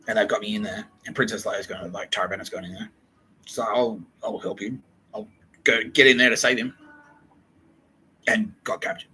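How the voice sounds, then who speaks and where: A young man hosting a podcast, rambling through a profane, excitable solo monologue that jumps from idea to idea. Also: fairly low pitch, a little hiss or hum, rough recording. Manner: profane, excitable, fast-shifting and digressive. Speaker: podcast host.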